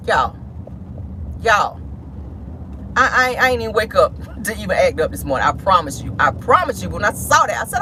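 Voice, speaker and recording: A woman gossip vlogger ranting bluntly and profanely in a car, outspoken and animated, breaking into mocking squeals when she mimics people. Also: on the high side, moderate pace, slight background noise. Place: inside a car.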